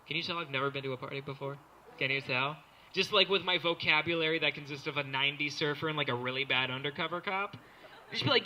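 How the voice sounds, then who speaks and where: A man's voice: a little high, fast, bright, forceful tone. A young man doing a rambling, self-mocking stand-up comedy set before a live crowd. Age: young adult. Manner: rambling, self-mocking, jumps into silly character voices.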